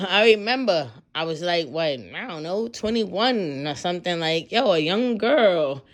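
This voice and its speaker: A woman in her thirties giving a loud, profane, animated pep talk as a tarot reader, acting out voices as she goes. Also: lowish voice, normal speed, hardly any pauses.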